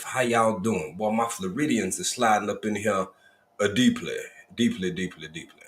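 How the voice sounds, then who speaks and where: In a reverberant room, a man with a fairly low, animated voice hosts a relaxed livestream at normal speed. He welcomes viewers one at a time with repeated greetings, speaking in a folksy, drawling Southern Black vernacular.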